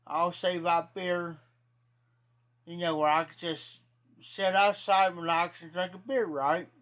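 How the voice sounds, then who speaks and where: A man's voice: high-pitched, fairly even intonation, unhurried, a bit bright. A man with an Ohio accent telling a rambling, profane story to his live-stream chat in a casual way. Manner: rambling, profane, repeats himself.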